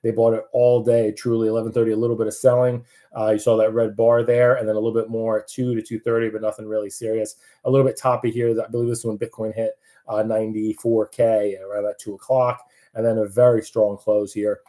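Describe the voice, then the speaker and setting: Chatty man with a mellow voice. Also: lowish voice, level tone, fast. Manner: chatty, many fillers and restarts. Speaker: market commentator. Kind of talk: casual market commentary.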